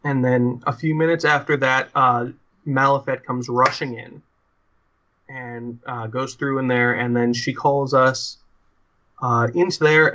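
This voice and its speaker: A man's voice: medium pitch, bright, forceful tone, close to an everyday voice. A cornered female snake-like guard , voiced by a man, gives in and talks in a tabletop game. She stumbles and repeats herself as she speaks. The sound is slightly muffled. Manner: hesitant, repeats words.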